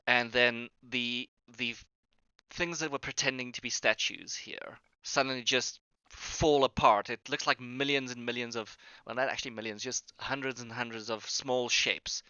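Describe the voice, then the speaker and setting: A man runs a tabletop game on a voice call, his voice bright and forward. He stumbles through ums and restarts as he works out the rules. The audio is dry and a little dull. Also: mid-range voice, fairly even intonation, normal speed, clean tone, no echo. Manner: hesitant, lots of ums and restarts. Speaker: game master. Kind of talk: running a tabletop game over voice chat.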